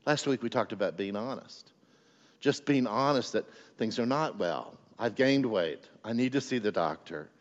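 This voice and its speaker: A male pastor delivers an animated sermon, jumping from forceful cries to near-hushed asides. His voice carries a long hall reverb, and the recording sounds somewhat dull and muffled. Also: medium pitch, moderate pace. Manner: emphatic preaching with sudden loud and soft swings.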